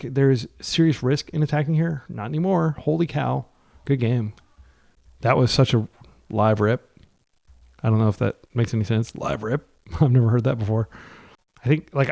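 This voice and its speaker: A man giving casual, running commentary while playing an online card game. He gets excitable, pleads with his deck, and his voice jumps up when he is frustrated. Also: medium pitch, moderate pace, creaky. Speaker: card game player and channel host.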